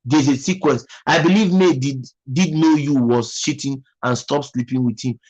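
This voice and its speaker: Husky Nigerian man chatting on a live stream. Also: mid-range voice, moderate pace, darkish tone, dull audio. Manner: chatty, thanks viewers by name, muses aloud. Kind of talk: casual live-stream chat.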